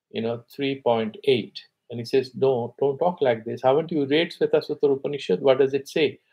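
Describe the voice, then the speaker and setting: A man teaching scripture, reciting Sanskrit verses slowly and then explaining them conversationally. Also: medium pitch, breathy edge, muffled recording. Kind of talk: explaining Sanskrit texts in a class.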